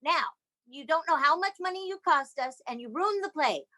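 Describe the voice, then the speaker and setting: A man's voice: high voice, sing-song, unhurried, vocal fry, fairly bright tone, exaggerated voice. A woman storyteller voicing a bossy male gang leader who scolds a new recruit. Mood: scolding.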